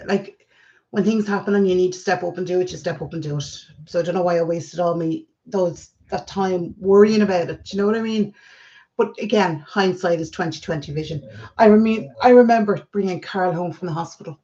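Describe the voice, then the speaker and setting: An Irish woman in her forties telling family stories in a casual, chatty vlog. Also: lowish voice. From Ireland. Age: 40s. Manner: chatty storytelling, lively retelling. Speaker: vlogger. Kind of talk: casual chat. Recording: slightly dull lo-fi sound.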